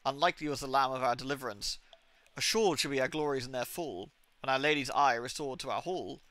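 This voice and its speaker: A man's voice: mid-range voice, fairly quick, sharp tone, dry recording, pitched below the performer's own voice, close to an everyday voice. A man voicing a haughty female guinea pig ruler in a game, reading her lines in a grand, formal way. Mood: grandiose.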